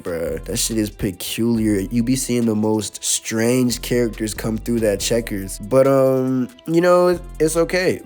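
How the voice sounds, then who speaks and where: A young man telling a story in loose, slang-heavy talk, breaking into laughter and lively asides as he goes. His voice sits at an ordinary pitch for a man. Soft music plays faintly behind him. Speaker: storytime host. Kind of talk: casual storytelling.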